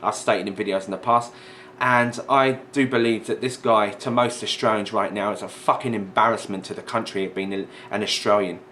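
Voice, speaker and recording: A reaction vlogger with a fairly low, sharp voice and fairly even intonation speaks at normal speed against slight background noise. Commenting indignantly on a video, he argues, swears and repeats himself.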